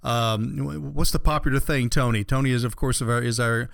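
A man hosts a radio talk show in a relaxed, chatty way. He rambles, circling back with fillers and restarts as he talks. His voice is smooth and clear, and the sound is close and dry. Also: medium pitch, brisk, no room sound. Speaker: radio show host, financial advisor.

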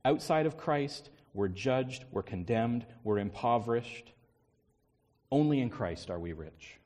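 A man's voice: medium pitch, animated, unhurried, a little mellow. A male pastor preaching a sermon with emphatic repetition and rhetorical questions. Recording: long hall reverb.

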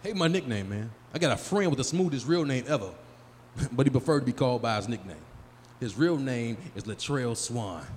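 A man in his forties with a mid-range, darkish, expressive voice performs a loose, profane stand-up set at a live comedy venue, talking fairly quickly and riffing with the crowd on a handheld mic. The recording has live room reverb and faint crowd noise.

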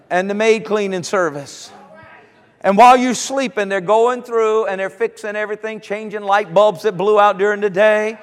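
A man's voice: high-pitched, clear, resonant tone, in a large hall. A male preacher giving a sermon, telling homely stories and building to fervent declarations. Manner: folksy storytelling, rising to fervent declarations.

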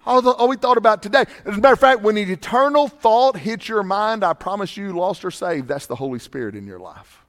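A man's voice: high voice, lively intonation, a little fast, fairly bright tone. A man preaching a sermon, fervent and repetitive, a little out of breath. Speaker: pastor. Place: church sanctuary. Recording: long hall reverb.

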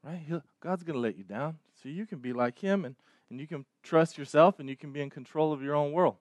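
A man's voice: a little high, brisk, dry recording. A man preaching a sermon in a conversational way, often restarting words and checking in with his listeners. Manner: conversational, frequent stammered restarts and "right?" tags. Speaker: pastor.

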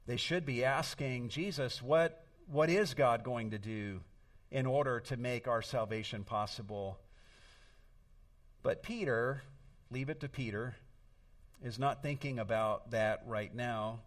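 Middle-aged male pastor, earnest storytelling sermon, medium pitch, recorded from a distance. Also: a little slow.

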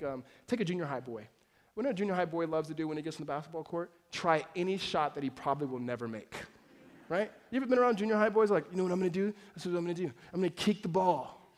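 A man preaching a sermon in a conversational style, moving between loud urgency and soft, intimate moments, and acting out quoted voices. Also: a little high. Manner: acts out quoted voices and jokes with the congregation. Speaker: pastor.

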